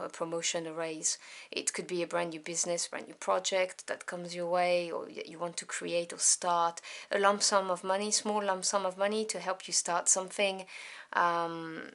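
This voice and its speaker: Woman reading tarot to camera, lowish voice, lots of ums, apologizes a lot. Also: creaky. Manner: gentle, meandering, with many ums and apologies. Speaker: tarot reader.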